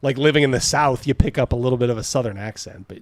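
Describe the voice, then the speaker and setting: A man's voice: mid-range voice, fast, no echo. A man hosting a livestream, reacting to clips with rambling talk, crude jokes and frequent laughter. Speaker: host. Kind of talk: casual livestream reaction chat.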